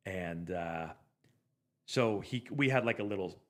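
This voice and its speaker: A man in his forties with a fairly low voice tells casual stories from his playing days. His delivery is loose and rambling, packed with "like" and false starts, as he hosts a live stream. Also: a little slow, fairly bright tone. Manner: rambling, loose, full of "like" and restarts. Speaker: former pro ballplayer hosting a live stream. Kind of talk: casual anecdotal storytelling.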